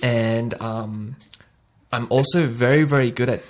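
A man hosting a podcast in casual chat, playful, acting out little scenes and swinging between quiet and loud. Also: medium pitch, fairly even intonation, measured pace. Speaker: podcast host.

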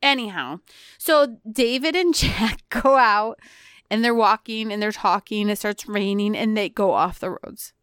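A woman's voice: mid-range voice, unhurried, fairly bright tone, clear, resonant tone, no room sound, studio quality. A woman co-hosting a casual movie-discussion chat, a bit tipsy from beer, swearing, laughing and acting out scenes. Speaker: podcast co-host.

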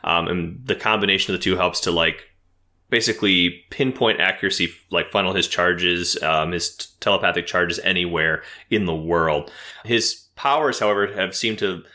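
A man's voice: deep voice, normal speed, bright, forceful tone. A man casually explaining a cartoon series on a podcast, rambling with many fillers.

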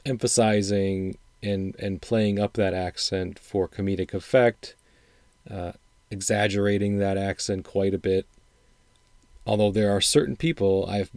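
A middle-aged man with a faint upper Midwestern American accent hosts a casual solo show. His voice sits low and warm, recorded dry and close with no room around it. He talks in a loose, thoughtful way, full of restarts and fillers. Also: dry recording. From Wisconsin, upper Midwest US. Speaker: podcast host reviewing songs.

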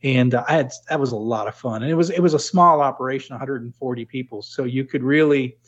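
A middle-aged man from New England talks through his working life in a relaxed, reflective interview, circling back on his phrases with restarts and "you know" fillers. His voice sits at an ordinary pitch, and the recording sounds a little muffled and lo-fi. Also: quick pace. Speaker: guest, former corporate plant manager. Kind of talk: conversational interview.

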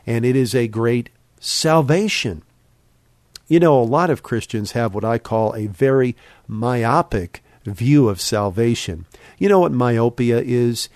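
A man teaching the Bible on a podcast in an earnest, exhorting sermon style, slowing down and speeding up for emphasis. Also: medium pitch, lively intonation, a little mellow, no room sound, clean studio sound.

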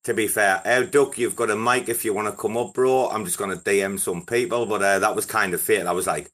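A young man hosting a crypto breakfast show, chatting casually in a rambling, heavily profane and excitable way. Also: on the low side, brisk, hardly any pauses. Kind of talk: casual live audio chat.

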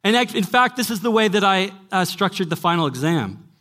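A man's voice: high voice, very animated, brisk, a bit bright. A man preaching to a young adults gathering at church, telling stories emphatically and often saying "listen". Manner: emphatic storytelling, repeating "listen". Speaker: pastor and former college teacher. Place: church gathering before a live audience.

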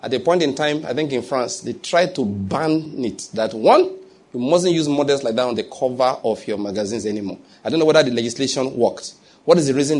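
This male pastor has a mid-range, slightly mellow voice. His sermon is chatty and funny, full of humorous asides, and it rises to emphatic moments.

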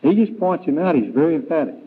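A man preaching an evening Bible lesson, slow and deliberate, with frequent fillers and restarts. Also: on the high side, very animated, husky. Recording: tinny, phone-like 1990s church tape.

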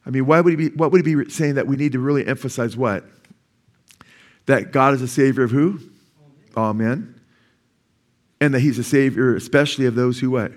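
Delivering a church sermon, this pastor in his sixties speaks in a mid-range voice at a brisk clip, broken by long pauses. He repeatedly asks the congregation questions, lets them respond, and hammers home key phrases by repeating them.

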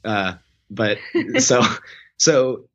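Low-voiced man telling a rambling story. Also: drawn-out words, highs cut off. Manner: rambling, self-correcting, animated when quoting. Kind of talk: casual anecdote.

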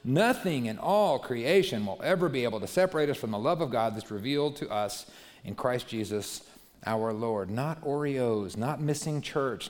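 A man preaching to a young congregation, animated, swinging between loud emphasis and quiet asides. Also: mid-range voice. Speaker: youth pastor. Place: church hall. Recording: long hall reverb.

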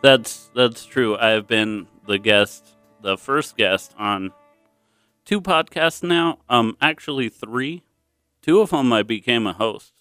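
A man's voice: medium pitch, slow, bright, forceful tone, no echo, soft background music. A man with a slight lisp, a guest on a comedy podcast, chatting in an easygoing, laid-back way. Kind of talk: casual chat.

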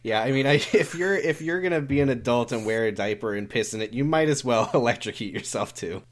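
Dry-witted podcast co-host, lively pitch. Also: a little fast. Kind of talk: casual comic chat.

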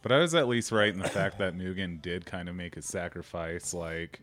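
Very deep-voiced man in casual chat. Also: normal speed, fairly bright tone. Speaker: podcast co-host.

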